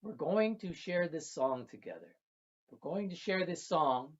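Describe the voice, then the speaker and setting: A storyteller speaking slowly and gently, repeating phrases while telling a traditional tale to children. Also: mid-range voice, lively intonation. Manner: slow, gentle and repetitive, with soft trailing phrases. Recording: dull lo-fi recording.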